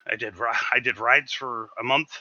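A man on a podcast telling a story in casual chat, animated and swearing freely. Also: mid-range voice, normal speed, no room sound, highs cut off. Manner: animated, swearing, acts out shouted quotes. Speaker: podcast co-host.

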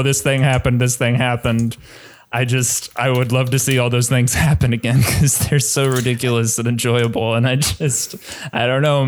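Hesitant man thinking aloud. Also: medium pitch. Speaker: podcast co-host. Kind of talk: casual film review chat.

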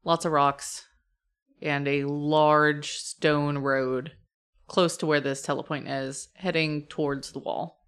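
A woman game master describing a scene in an unhurried way. Her voice sits low and she pauses often to find the next words. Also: flat delivery, fairly bright tone, clear, resonant tone. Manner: measured, with frequent pauses and fillers. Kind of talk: narrating a tabletop game.

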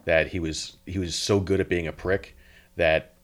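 Low-voiced stammering podcast co-host, man. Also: fairly even intonation, moderate pace. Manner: stammering restarts, laughs often. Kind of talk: casual chat.

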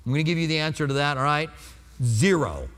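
Fifties pastor guy preaching, talks to the room like a chat, bit high pitched, echoey hall. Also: animated, fast talker, fairly bright tone. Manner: conversational, asks the congregation rhetorical questions. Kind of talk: sermon.

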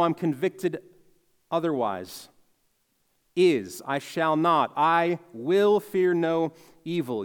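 A man's voice: high voice, in a large hall. A man preaching a sermon in an earnest, reflective way, leaning hard on key words. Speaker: pastor.

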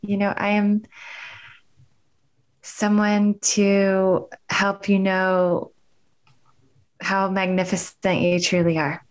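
A middle-aged woman speaking as a podcast guest, emotional and hesitant, with many pauses and fillers. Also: mid-range voice, level tone, clear, resonant tone. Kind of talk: interview conversation.

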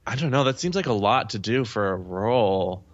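A man's voice: lowish voice, expressive, moderate pace, highs cut off. A young man chatting casually about a film, rambling and laughing at his own jokes. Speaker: podcast co-host.

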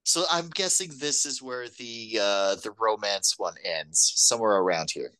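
Female podcast co-host, bright tone, dry close sound, wry quick reactions. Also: very deep voice, dry recording. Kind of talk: casual film-recap chat.

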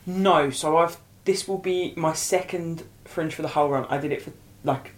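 A young woman chats as a comedian guest, quick and easy to laugh. Her voice carries a roomy echo. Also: deep voice. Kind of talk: casual chat.

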